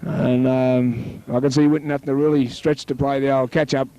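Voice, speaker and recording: A man with an Australian accent calling a local rugby league match play by play, chatting with his co-commentator and rising to excited shouts on tries. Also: mid-range voice, normal speed, no room sound, muffled recording.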